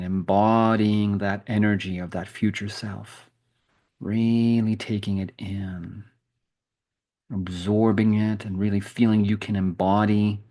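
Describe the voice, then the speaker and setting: Lowish guy doing a soft slow guided meditation, calm pauses, video call sound. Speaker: spiritual coach leading a group challenge.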